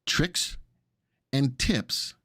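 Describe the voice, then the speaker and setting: A man's voice: drawn-out words, pushed and bright, dry recording, clean studio sound. A man hosting a live market stream in a chatty, upbeat way, with many fillers. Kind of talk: casual live stream talk.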